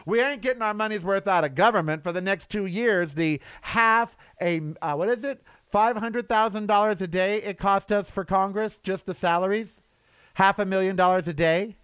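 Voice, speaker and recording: A man's voice: sits high, moderate pace, fairly bright tone, clear, resonant tone, dry recording. A man delivering a sarcastic, exasperated rant as a commentator, with mocking asides. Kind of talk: ranting monologue.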